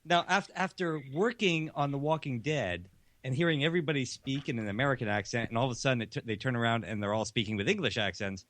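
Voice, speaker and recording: A man's voice: mid-range voice, fast, a bit bright, no room sound. Male co-host. Mid-range voice, easygoing questions, dry close mic. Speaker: radio show co-host. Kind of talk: casual radio interview.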